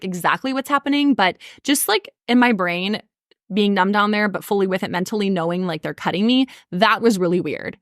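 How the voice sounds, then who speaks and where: A woman's voice: medium pitch, no room sound, studio quality. A woman in her thirties telling a personal story on a podcast, earnest and emotional, with many casual fillers. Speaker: podcast host.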